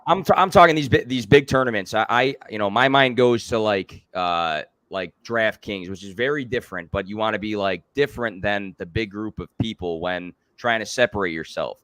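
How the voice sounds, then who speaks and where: A man's voice: on the low side, normal speed, hardly any pauses, fairly bright tone, no room sound. A man hosting a live stream, asking long questions in casual chat and often stammering over repeated words. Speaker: host.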